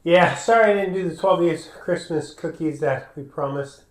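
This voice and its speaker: A man's voice: a little high, normal speed, roomy sound. A man co-hosting a homestead channel, chatting easily and enthusiastically in his home kitchen. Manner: easygoing, enthusiastic. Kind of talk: casual kitchen chat.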